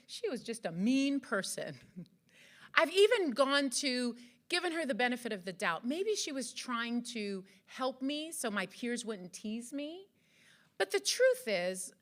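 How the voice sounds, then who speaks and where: A woman's voice: fairly high pitch, fairly bright tone. A woman from Jamaica giving an earnest motivational speech to an audience, full of rhetorical questions. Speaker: event speaker. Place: event hall.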